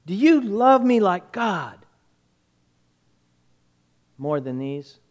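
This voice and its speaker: A male preacher voicing a gentle teacher who questions a friend quietly. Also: very animated, very slow, in a large hall, heavily acted. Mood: pleading. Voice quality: soft, low and hushed. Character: gentle searching male teacher, grown man.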